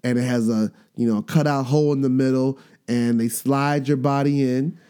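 A man in his thirties hosting a podcast, telling a story in a casual, animated way and acting out the quoted lines with sudden jumps in pitch. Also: moderate pace, smooth. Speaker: podcast host. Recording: faint guitar music underneath.

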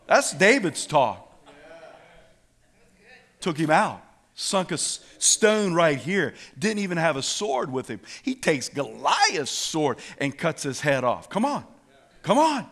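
A male preacher delivering a dramatic sermon, swinging from shouts down to hushed whispers. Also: fairly high pitch, sing-song, takes it slowly.

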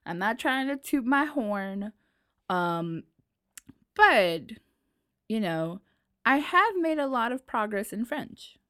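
A chatty American woman co-hosting a casual talk show, her voice lively and swinging through a wide pitch range. The sound is close and dry, with no room echo. She talks in quick, easy conversational runs. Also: smooth. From United States. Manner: chatty, animated, playfully imitates accents. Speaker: podcast co-host.

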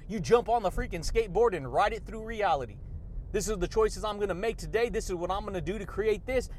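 Casting: high-pitched male podcast host, pumped-up motivational monologue, street slang, faint rumble under it. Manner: hyped, slangy, laughs often, calls listeners baby and dude.

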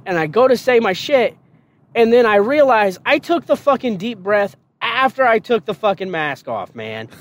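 A man telling basic training stories in a casual, profane and animated way on a podcast. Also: high voice, a little hiss or hum. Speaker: podcast guest storyteller. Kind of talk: casual storytelling.

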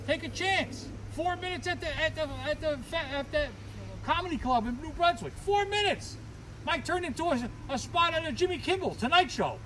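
A man's voice: very high-pitched, expressive, moderate pace, sharp tone. A man giving urging pep-talk advice, recorded from a distance outdoors with traffic noise. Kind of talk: casual advice.

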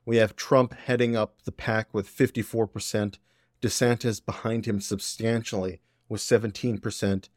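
A man hosting a political commentary podcast, opinionated and sarcastic with quick asides. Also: fairly low pitch, level tone, darkish tone, no echo, clean studio sound. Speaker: podcast host.

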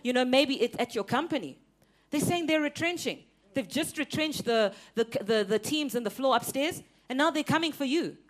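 A young woman preaching a sermon, animated and emphatic, laughing often and repeating words for effect. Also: high voice, moderate pace.

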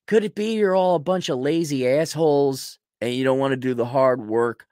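Male host, profane mocking rant, mid-pitch voice, dead-dry recording. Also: normal speed, few pauses, a little mellow, no echo. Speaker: podcast host. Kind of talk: ranting commentary.

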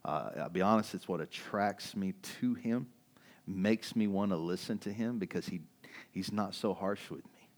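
Speaking at normal speed, a male pastor gives an easygoing, conversational sermon full of laughter. His voice alternates between excited, loud bursts and low, quiet stretches.

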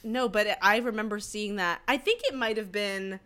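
A woman's voice: medium pitch, moderate pace, bright, forceful tone. A woman in her thirties, co-hosting a podcast, telling stories casually with lots of fillers. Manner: rambling storyteller, lots of fillers. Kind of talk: casual chat.

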